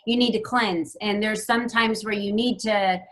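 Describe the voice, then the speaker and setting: Guest, woman, mid-pitched, earnest and encouraging. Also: steady tone, normal speed, fairly bright tone. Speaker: podcast guest, founder of a women's group. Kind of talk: casual conversation.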